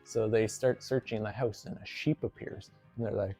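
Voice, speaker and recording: A movie reviewer, a man with a lowish, dark voice and little pitch movement, casually recaps a film plot at normal speed with few pauses. He rambles, fills gaps with "like," and laughs often, with faint music playing behind him.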